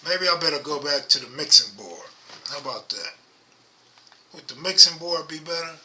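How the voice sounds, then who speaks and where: Sharp-voiced man rambling on a livestream. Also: animated, moderate pace, a little hiss or hum. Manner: rambling and talks low. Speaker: livestream host. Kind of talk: casual livestream chat. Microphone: microphone held close.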